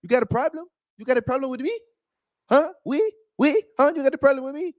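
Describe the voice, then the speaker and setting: A man's voice: very high-pitched, animated, fast, no room sound, clean studio sound, voice pushed up. A man putting on the voice of a brash, profane French basketball star who threatens anyone who insults him. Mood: confrontational. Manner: loud, profane, boastful threats.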